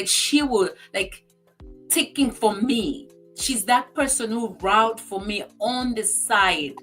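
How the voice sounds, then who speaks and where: A woman's voice: fairly high pitch, slow pace, fairly bright tone, faint music behind. A woman on a talk show, speaking in an emphatic, heartfelt way as she tells personal stories. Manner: acts out friend's remarks in quoted voices. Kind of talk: casual chat.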